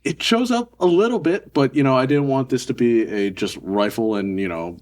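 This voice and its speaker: A man co-hosting a podcast in casual chat, enthusiastic, with quick reactions to his partner. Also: medium pitch, animated, darkish tone. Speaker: podcast co-host.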